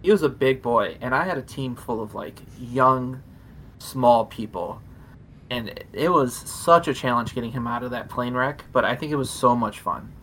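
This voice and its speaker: A man co-hosting a podcast, chatty and quick to laugh in casual conversation. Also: mid-range voice, pushed and bright, slight background noise. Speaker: podcast co-host. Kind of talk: casual chat.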